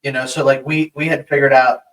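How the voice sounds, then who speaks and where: A man's voice: mid-range voice, flat delivery, recorded from a distance, rough recording. Man talking a bit off-mic. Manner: halting, with restarts and fillers. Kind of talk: casual chat.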